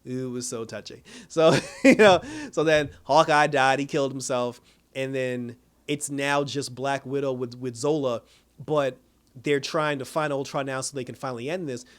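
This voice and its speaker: A young man casually recapping a TV episode, talking in loose slang and acting out characters' lines in quick impressions. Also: mid-range voice, fairly even intonation, clear, resonant tone. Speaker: video reviewer.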